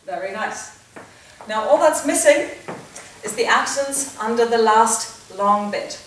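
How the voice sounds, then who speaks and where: A woman's voice: a little high, lively intonation, slow. Echoey woman calling dance steps. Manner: counts beats and calls steps rhythmically. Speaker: dance teacher. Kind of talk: step-by-step dance instruction. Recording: echoey, distant, noisy room sound.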